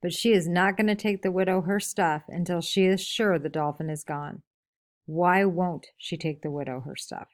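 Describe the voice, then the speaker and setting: A woman's voice: fairly low pitch, fairly even intonation. Woman teacher asking a class questions. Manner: asks many questions, pausing for answers; reads book passages aloud, then explains. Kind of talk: classroom read-aloud with discussion questions.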